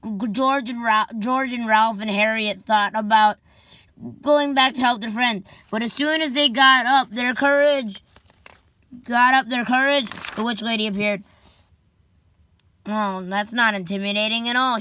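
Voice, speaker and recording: Slow, bright-voiced young woman reading. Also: a little high, fairly even intonation, no room sound. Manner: slow reading, stumbles on names, sarcastic asides. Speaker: storybook reader. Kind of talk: comedic children's book read-aloud.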